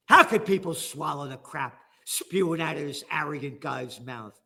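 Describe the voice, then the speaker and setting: A man's voice: a little high, expressive, moderate pace, creaky, few pauses, pushed and bright. Angry New York man ranting. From the Bronx, New York. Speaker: guest commentator. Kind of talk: heated political commentary.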